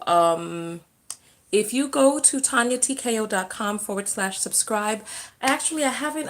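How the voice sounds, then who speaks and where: A woman who coaches on self-love and relationships, hosting a casual livestream Q&A. She reads viewer comments and answers on the fly, often trailing off and restarting mid-sentence. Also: mid-range voice.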